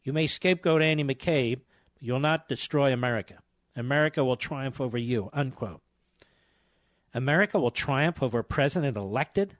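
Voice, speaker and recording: A man's voice: mid-range voice, moderate pace, dry recording. A middle-aged man hosting a talk radio show, delivering scornful, combative commentary with hammering repetition.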